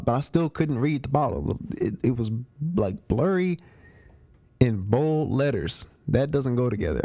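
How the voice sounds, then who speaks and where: Man, movie show host, relaxed casual review chat, slangy, repeats phrases, warm tone. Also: medium pitch, no room sound, clean studio sound.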